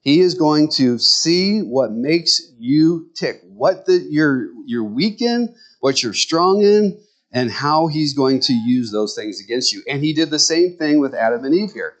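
A man's voice: fairly high pitch, lively intonation, measured pace. Man, middle-aged, pastor, sermon, conversational, joking asides.

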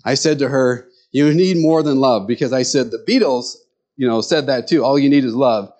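Middle-aged male pastor, easygoing sermon delivery, lively storytelling voice. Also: medium pitch, normal speed. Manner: conversational, animated storytelling with quoted voices.

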